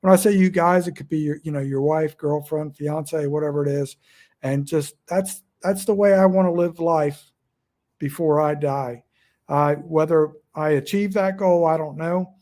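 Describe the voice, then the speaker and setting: Mellow-voiced Northern US man vlogging casually. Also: fairly high pitch, fairly even intonation, moderate pace. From Delaware, USA. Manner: meandering, self-deprecating, frequent restarts. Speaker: outdoors vlogger. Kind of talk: casual rambling talk to camera. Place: at home indoors. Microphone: phone front camera.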